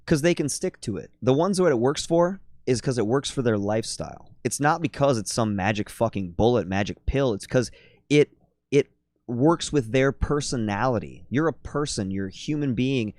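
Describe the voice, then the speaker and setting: A man who coaches fitness and nutrition, talking bluntly and swearing freely in a relaxed podcast chat. His voice sits at a middle pitch. The sound is close and dry, with no room echo. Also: moderate pace.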